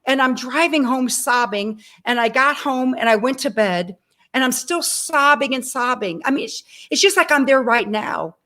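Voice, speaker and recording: Telling personal stories on an interview program, this sixty-something woman performs the conversations she recalls and turns to speak right to the audience. She's animated, slightly high-voiced, and keeps a moderate pace.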